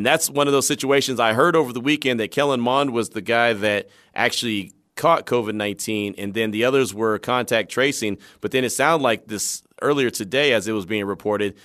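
A male sports talk host with a middle-pitched voice, speaking casually and conversationally. He breaks news down in an easygoing way, now and then acting out little scenes. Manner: conversational, animated storytelling with acted asides.

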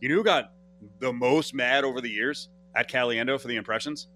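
A man hosting a sports talk radio show, telling stories in a lively, animated way with quick restarts. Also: mid-range voice.

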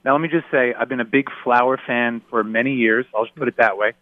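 An excited male caller on sports radio, pacing his thoughts with fillers. His voice sounds thin and dry, as if over a phone line. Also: medium pitch, quick pace, dry recording.

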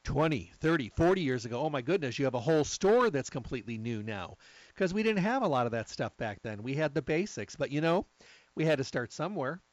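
A middle-aged man talking casually about supplements, chatty and animated as he spins his stories. His voice sits at an ordinary pitch, and the recording is dry and close with no room around it. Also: fairly quick, dry recording, rough recording. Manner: chatty storyteller, lively asides. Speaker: health supplement talk host. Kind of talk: casual monologue.

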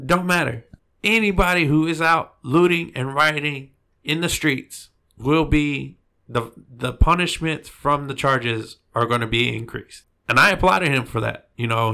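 Gravelly, bright-voiced man chatting bluntly. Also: medium pitch. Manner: blunt, opinionated, rambling. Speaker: podcast co-host. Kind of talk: casual chat.

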